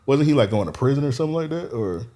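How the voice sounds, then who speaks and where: A man's voice: mid-range voice, expressive, very fast, dark tone. A man on a casual podcast, telling a long story, swearing freely and laughing as he goes. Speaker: podcast co-host. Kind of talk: casual chat.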